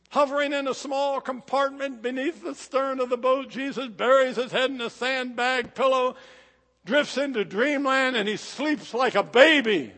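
A man preaching a sermon in a dramatic, rhythmic delivery that swings from loud to hushed. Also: very high voice, moderate pace. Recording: echoey hall.

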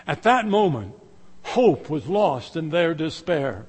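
Dramatic preacher in an echoing sanctuary. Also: male voice, fairly high pitch, sing-song, slow, slightly rough. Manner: dramatic swings between loud and hushed. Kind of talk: sermon.

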